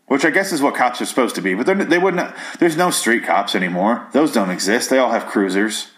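This film recap commentator talks briskly with lively intonation in a medium-pitched, slightly bright voice. His casual solo movie recap is rambling, profane and sarcastic, with silly voices for the characters here and there.

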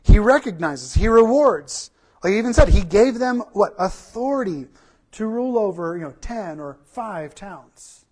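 A male pastor preaching a sermon, animated, with repeated lists and rhetorical questions. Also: high voice, a little slow.

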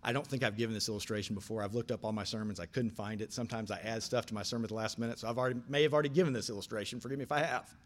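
An older man preaching a sermon, telling stories with big swings from quiet asides to shouted lines. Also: on the low side, very fast, hardly any pauses. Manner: animated storytelling, swings from soft asides to shouting. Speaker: pastor.

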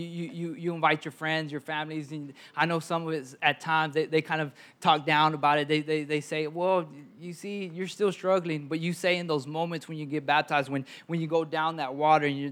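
A man's voice: a little high, a bit bright. Stammering man preaching a sermon. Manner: stammering repetitions, conversational preaching. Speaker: pastor.

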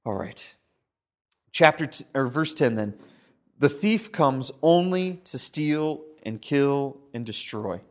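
A man preaching a sermon with animated delivery, stumbling over repeated words and often asking "right?". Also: medium pitch, slow pace. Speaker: pastor.

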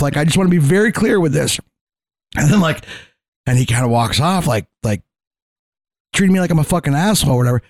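A man in casual podcast chat, telling animated stories full of swearing and quoted dialogue. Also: a little high, fast talker, pauses often, no echo. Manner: profane, animated, quotes others in his stories.

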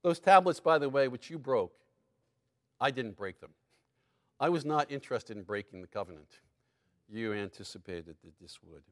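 A man preaching a sermon, reading scripture aloud with lively emphasis and breaking into asides and small laughs. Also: mid-range voice, moderate pace, pauses often.

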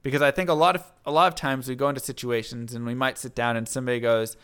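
A man talking in a casual conversation, energetic, often checking in with "right?" and acting out little quoted lines. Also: mid-range voice, fast talker, hardly any pauses, smooth.

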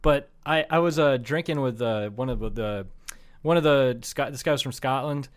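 A man's voice: medium pitch, moderate pace. A man co-hosting a casual podcast chat, telling rambling, profane stories between frequent laughs. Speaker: podcast co-host.

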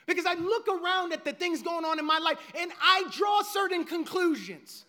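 Preaching with drama and emphasis, this male pastor swings from hushed passages up to loud ones. His very high voice has a sing-song lilt and moves at a normal speed.

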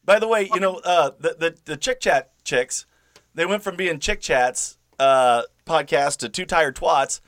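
Rambling, giggly podcast host, slightly high. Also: male voice, fairly bright tone, no echo. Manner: laughing, rambling, halting. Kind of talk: casual chat.

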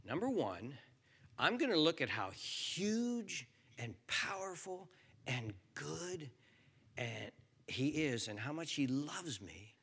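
A man preaching a sermon as pastor, earnest and pleading, swinging from loud, high pleas to a hushed near-whisper. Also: big pitch swings, takes it slowly, slightly rough.

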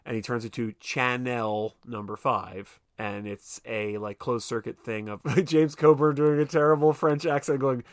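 Guy on a podcast retelling a movie plot, animated, swears a lot, acts out the lines, super dry close mic. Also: mid-range voice, normal speed, hardly any pauses, dry recording. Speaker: podcast co-host. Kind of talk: casual film recap chat.

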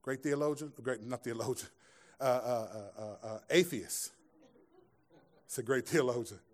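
A man's voice: medium pitch, a little slow. A man pastor giving a sermon to a live congregation in a conversational style, mixing scripture with jokes and asides. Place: church room with a live audience.

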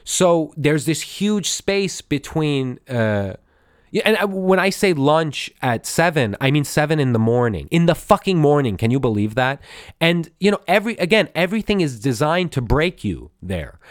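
A man's voice: on the high side, dry recording. A man hosting a podcast, telling a story in a casual, profane, rambling way with many restarts, into a studio microphone. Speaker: podcast host.

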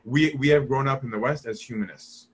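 A man with a husky, slightly breathy voice leads a conversational Bible study. He keeps turning to his listeners with rhetorical questions and slips into the voices of the people he quotes. His pitch sits in an ordinary middle range for a man. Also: a little fast. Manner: asks the audience rhetorical questions.

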